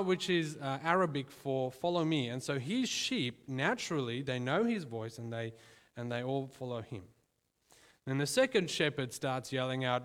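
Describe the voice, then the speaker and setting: A man preaching a sermon in a church, talking conversationally, calling his listeners friends and pausing to stress his points. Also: medium pitch, expressive, fairly bright tone, long reverb tail.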